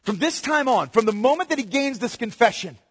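Emphatic high-voiced preacher in a reverberant hall. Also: male voice, expressive, fairly quick, husky. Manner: emphatic, repeats key phrases, swings from soft to loud. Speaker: pastor. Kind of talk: sermon.

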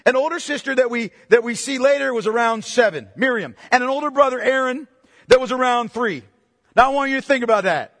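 A man's voice: very high-pitched, a bit bright, clean studio sound. Man, pastor, emphatic sermon, repeats lines for stress, asks the congregation questions, long hall reverb.

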